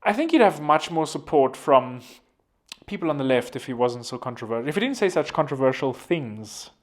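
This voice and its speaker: A man's voice: medium pitch, sing-song, a little fast. Rambling South African man joking about himself. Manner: rambling, self-deprecating joking. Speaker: vlogger. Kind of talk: casual political commentary.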